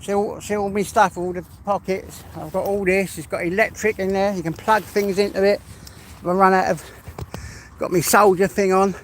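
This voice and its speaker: A man's voice: high-pitched, steady tone, moderate pace, a little hiss or hum. A man with an English accent chatting to his viewers on a phone livestream while walking his dog through the fields, swearing now and then. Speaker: livestream host. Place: outdoors in rural fields.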